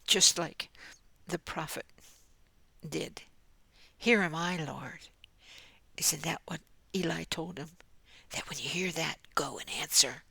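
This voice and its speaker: An older woman giving a gentle devotional message, often dropping into a soft whisper and laughing lightly as she speaks. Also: low-pitched, a little slow, vocal fry, long pauses, husky, dry recording. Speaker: Christian speaker.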